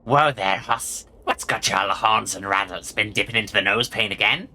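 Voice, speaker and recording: A man's voice: fairly low pitch, normal speed, pushed and bright, slight background noise. A man voicing a rowdy Old West cowboy sidekick in a game, talking in folksy cowboy slang. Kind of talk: game voice acting.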